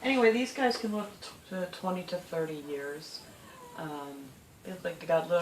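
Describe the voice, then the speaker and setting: Low-ish middle-aged woman, chatty pet vlogger, baby-talks her birds; distant roomy home recording with noise. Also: fast. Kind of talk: casual home video chat. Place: home with parrots in the room.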